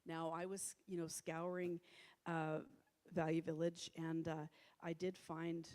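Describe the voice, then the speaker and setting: Woman, middle-aged, presenter, chatty with ums and restarts, low voice, long hall echo. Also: completely flat delivery, unhurried, a little mellow. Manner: conversational, with many fillers and restarts. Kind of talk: public talk. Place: church hall. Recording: reverberant hall.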